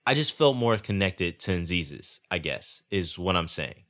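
A man's voice: low voice, sing-song, a little slow, fairly bright tone. A man hosting his own podcast alone, rambling casually with profanity, restarts and self-deprecating asides. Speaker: podcast host. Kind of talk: casual solo podcast monologue. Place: indoors at home, rainy night.

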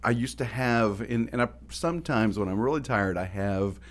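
A man co-hosting a podcast in casual chat, playful, sometimes putting on a deep radio announcer voice. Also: moderate pace. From Oklahoma. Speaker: podcast co-host.

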